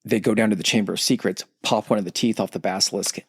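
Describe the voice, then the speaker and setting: A man's voice: lowish voice, steady tone, fast talker, breathy edge, no echo, clean studio sound. A podcast host in casual chat, loosely retelling a story and acting out the quotes in his own voice.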